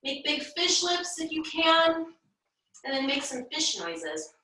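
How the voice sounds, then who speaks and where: A young woman leading a children's yoga class, giving gentle, encouraging, sing-song instructions. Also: high-pitched, very animated, takes it slowly, very echoey, recorded from a distance, low-quality recording. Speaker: kids' yoga teacher.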